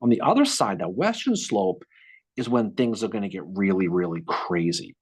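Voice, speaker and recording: Animated husky man telling history. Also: on the low side, moderate pace. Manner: animated, repeats words while thinking, acts out quotes. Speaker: podcast co-host. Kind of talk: casual history podcast storytelling.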